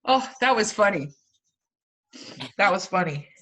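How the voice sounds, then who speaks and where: A woman teacher chatting casually with her online class, playful and quick to laugh at her own jokes, heard over a video call. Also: medium pitch, lively intonation, bright, forceful tone, faint music behind. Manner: playful, giggly, self-amused.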